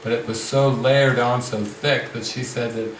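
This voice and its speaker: A man leading a spiritual retreat discussion, speaking slowly and reflectively with frequent restarts. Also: mid-range voice, steady tone, a little hiss or hum. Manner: slow, reflective, many restarts. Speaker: spiritual teacher. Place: retreat room with a group. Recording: roomy sound from the mic's distance.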